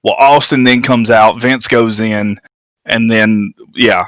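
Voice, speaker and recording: A man's voice: fairly low pitch, fairly even intonation, takes it slowly, fairly bright tone, no room sound, low-quality recording. A man co-hosting a podcast, casually correcting details and filling in background, with many restarts. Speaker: podcast co-host. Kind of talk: casual chat about wrestling history.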